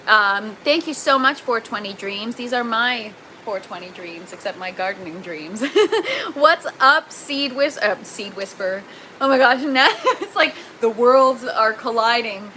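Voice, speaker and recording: A chatty young Canadian woman hosts a gardening livestream, excitable and quick to laugh as she answers viewers. Her voice is bright and a little high. A faint hum of the room sits behind her. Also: low-quality recording. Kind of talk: casual livestream chat, reading viewer comments aloud.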